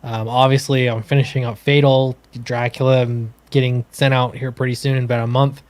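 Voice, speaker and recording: Man, mid pitch, dry recording, easygoing, halting, casual stream chat. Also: flat delivery, a little mellow, dry recording. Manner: easygoing, halting, with many fillers. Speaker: comics creator and co-host.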